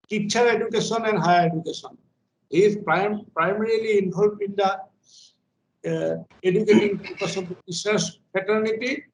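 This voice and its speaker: A man gives a formal, halting introduction, with a high voice. His words echo around a roomy space. He opens the session as the workshop coordinator.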